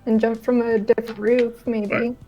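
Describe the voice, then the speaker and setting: A woman playing a tabletop game, offering ideas in a tentative way. Her voice is fairly high but flat, coming through a dull, lo-fi recording with faint music behind. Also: moderate pace. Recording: dull lo-fi sound.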